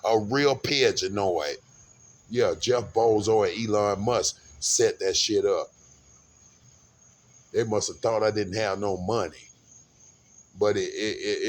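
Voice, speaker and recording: A man with a somewhat low voice tells a rambling, casual story straight to his audience. He curses freely and trips over his own words, restarting phrases again and again. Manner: rambling, profane, with repeated restarts. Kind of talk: casual monologue recounting a bus trip.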